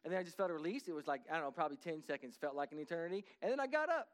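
A man's voice: a little high, lively intonation, racing. A man preaching a sermon in a church, earnest and conversational, building in intensity. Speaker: pastor. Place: church sanctuary.

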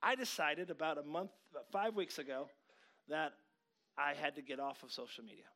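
A middle-aged man preaching with a high-pitched voice. He talks in an animated way, jumping from loud, pushing outbursts to quiet asides. He often slips into quoted voices as he tells a story. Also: fairly quick. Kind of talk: sermon.

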